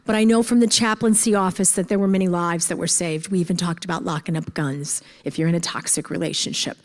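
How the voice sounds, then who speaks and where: A conference speaker with a fairly low, steady voice and a quick pace shares an earnest personal talk, repeating phrases to stress them. She is recorded in a large, echoey conference hall.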